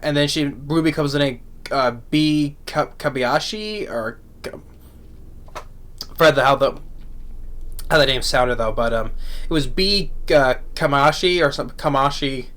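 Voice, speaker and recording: A man giving a casual spoken anime review, halting with many restarts and repeated words, laughing often. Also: medium pitch, fairly bright tone. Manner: laughs often while talking.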